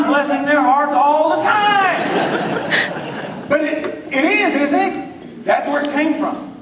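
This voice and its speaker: A man's voice: extremely high pitch, background noise. A man with a rural Southern US accent, telling folksy, drawling jokes to an audience in a hall. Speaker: speaker. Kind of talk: humorous speech to an audience. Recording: echoey room, mic from far off.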